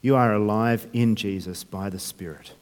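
A man's voice: on the low side, normal speed, darkish tone, clear, resonant tone, long reverb tail. A man preaching a sermon, talking conversationally with restarts and rhetorical questions. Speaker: pastor.

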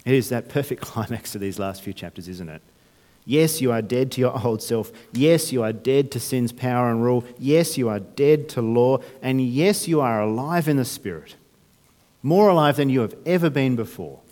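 A man's voice: mid-range voice, normal speed, a little mellow. Man preaching a sermon in a reverberant church. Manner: conversational, with frequent restarts and rhetorical questions. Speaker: pastor.

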